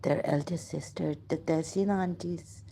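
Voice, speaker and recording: A woman's voice: low voice, fairly even intonation, unhurried, vocal fry, mellow, a little hiss or hum. A woman from Pakistan with a Pakistani accent, telling a rambling personal story, switching between English and Urdu, with many fillers and apologies. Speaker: vlogger.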